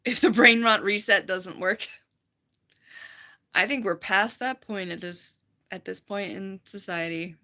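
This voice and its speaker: Woman, live-stream host, worn fried voice, bright edge, chatty and giggly, computer mic at home. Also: mid-range voice, slow pace, long pauses. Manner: chatty, giggly, rambling, reads chat aloud. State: voice worn, slight vocal fry. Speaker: livestream host, falconer. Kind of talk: casual live-stream chat with viewers.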